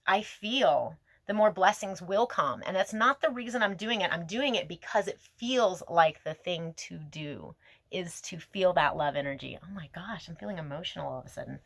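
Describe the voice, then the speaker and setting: A woman giving a tarot reading to her viewers, talking in a gentle, emotive, spiritual way that wanders from thought to thought. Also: lowish voice, expressive, normal speed, creaky, dry recording. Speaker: tarot reader.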